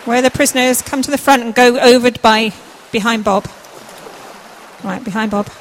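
A woman's voice: fairly high pitch, fairly even intonation, moderate pace. A woman narrating a live church play and directing the cast as she goes. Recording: echoey hall with faint noise.

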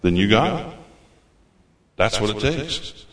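A man's voice: mid-range voice, big pitch swings, slow pace, background noise. Guy preaching folksy and fired up, echoey church room. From United States. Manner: folksy, repeats phrases, fervent. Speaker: visiting preacher. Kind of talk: sermon. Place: church hall. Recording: roomy church hall.

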